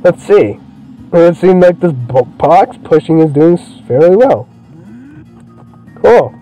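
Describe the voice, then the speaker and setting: Excitable, foul-mouthed young gamer guy. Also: fairly high pitch, slow, soft background music, rough recording. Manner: profane, excitable, swears constantly. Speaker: gameplay streamer. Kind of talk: let's play commentary.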